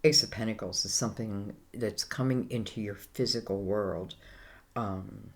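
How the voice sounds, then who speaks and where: Low-voiced Irish woman reading tarot. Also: a little slow. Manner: rambling, full of "you know" and "I feel like". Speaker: tarot reader.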